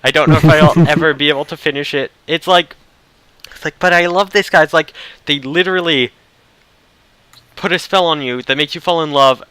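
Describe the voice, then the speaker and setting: A man hosting a podcast in casual chat, animated and swearing when frustrated. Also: a little high, normal speed, clean tone, dry recording, rough recording. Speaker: podcast host.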